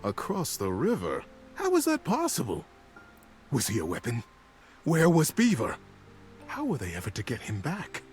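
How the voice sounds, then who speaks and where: A man narrates a storybook with a voice that rises and falls widely, middle in pitch. He reads expressively to his stream audience, with faint music playing underneath. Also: normal speed, long pauses. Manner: expressive, lively reading. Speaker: streamer reading a story aloud.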